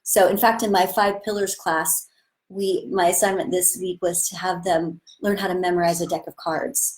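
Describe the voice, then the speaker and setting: A woman's voice: lowish voice, level tone, normal speed, darkish tone. A woman acting teacher giving an enthusiastic, chatty live-streamed lesson with a webcam-style mic. She talks in a casual way and breaks into sudden bursts when she demonstrates. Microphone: webcam or phone on a live stream.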